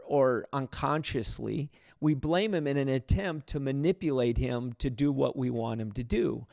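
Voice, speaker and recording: A man pastor teaching a livestreamed Bible study in a conversational way, with fillers and restarts, his pitch rising for emphasis. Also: vocal fry, no room sound, studio quality.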